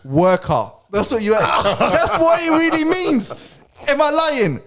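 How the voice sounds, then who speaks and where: A man's voice: very high-pitched, very animated, slow pace, fairly bright tone. A man with a London accent co-hosting a podcast, joking around in slang-heavy casual banter. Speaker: podcast co-host.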